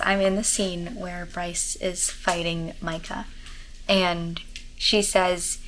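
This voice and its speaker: Rambling excitable woman, low voice, slow. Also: slight background noise, rough recording. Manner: excitable, rambling, many "like" fillers. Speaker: book vlogger. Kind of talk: casual reading vlog to camera. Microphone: camera mic, talking to camera.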